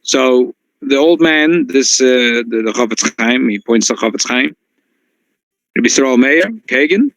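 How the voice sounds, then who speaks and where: Rabbi telling a story in a class. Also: male voice, mid-range voice, measured pace, no echo, low-quality recording. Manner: animated storytelling, frequent restarts, Yiddish and Hebrew phrases.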